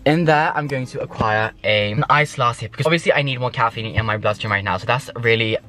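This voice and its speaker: A man, rambling excitedly and swearing freely as he reviews fast food from his car. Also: medium pitch. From Sweden. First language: Swedish. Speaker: food vlogger. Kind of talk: casual food review vlog. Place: in a car while driving.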